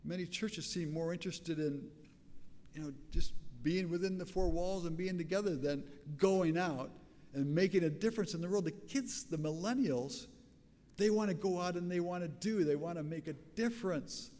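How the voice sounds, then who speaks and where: A raspy-voiced older man delivers a sermon in a loose, conversational storytelling manner, often restarting his phrases. His voice sits a little high for a man. The recording carries the long reverb of a church sanctuary. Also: normal speed, warm tone. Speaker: pastor.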